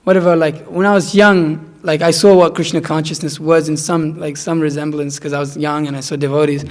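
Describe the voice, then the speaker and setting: A young man in casual conversation, telling animated stories and acting out his friends' voices. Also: a little high, fairly quick.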